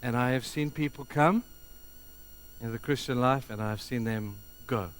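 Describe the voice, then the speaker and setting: A man's voice: mid-range voice, measured pace. A man who is a pastor, preaching a passionate sermon to a congregation in a church and acting out the voices he quotes. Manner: impassioned, acts out quoted voices. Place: church hall before a congregation.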